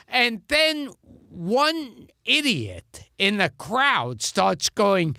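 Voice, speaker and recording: A man's voice: high voice, sing-song, takes it slowly, vocal fry, hardly any pauses, bright, forceful tone, no echo, studio quality. A man telling comic show-business anecdotes in casual chat, stammering and restarting as he acts out quotes. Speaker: comedian guest.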